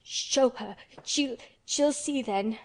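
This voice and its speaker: A woman's voice: high voice, takes it slowly, full character voice, low-quality recording. A woman reading an audiobook voices a frightened, sickly boy who gasps and stammers through sobs. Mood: sobbing.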